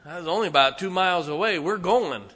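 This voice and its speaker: A middle-aged man, a pastor telling a folksy, animated story to his congregation with laughs and asides. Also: high voice, fast talker. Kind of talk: storytelling sermon. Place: church sanctuary.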